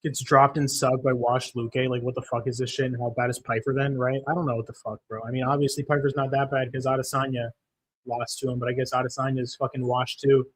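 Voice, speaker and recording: A man's voice: mid-range voice, level tone, quick pace. Profane, fed-up young male streamer. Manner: profane, frustrated ranting; reads chat comments aloud. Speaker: livestream host. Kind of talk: live fight-watching stream commentary.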